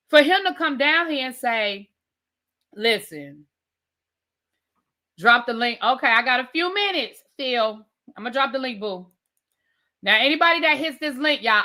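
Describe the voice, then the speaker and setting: Woman host, chatty and emphatic, bright and a touch high, casual live chat with viewers. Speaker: livestream host reviewing reality TV.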